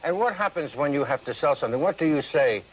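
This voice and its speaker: Husky-voiced male TV host. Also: on the high side, expressive, fast, poor audio. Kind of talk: TV interview. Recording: old TV broadcast.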